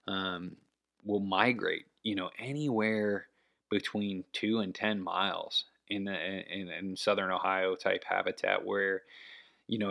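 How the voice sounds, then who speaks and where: A man's voice: fairly low pitch, creaky, fairly bright tone. A man talking casually on his own about scouting deer, rambling with many fillers and restarts. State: has the hiccups. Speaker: hunting podcast host. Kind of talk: casual solo talk.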